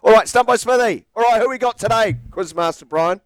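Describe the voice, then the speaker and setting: A man hosting a radio sports segment, excitable and teasing, often laughing. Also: sits high, a little fast, dry recording. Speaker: radio host. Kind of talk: casual radio banter.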